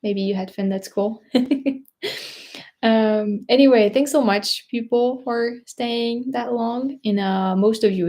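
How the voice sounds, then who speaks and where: A woman's voice: fairly high pitch, warm tone. A French woman with a French accent hosting a casual livestream, rambling, searching for words and laughing often. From France. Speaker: vlogger host.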